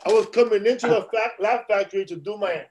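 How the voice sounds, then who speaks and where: A man's voice: sits high, quick pace, a little mellow, poor audio. A man hosting a podcast, telling stories in casual street slang, swearing and acting out angry quotes. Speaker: podcast host. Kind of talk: casual storytelling chat.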